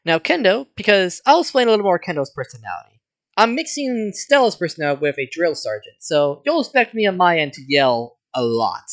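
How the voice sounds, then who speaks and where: A man's voice: high voice, very animated, a little fast, fairly bright tone. A man chatting casually as co-storyteller, explaining the role-play.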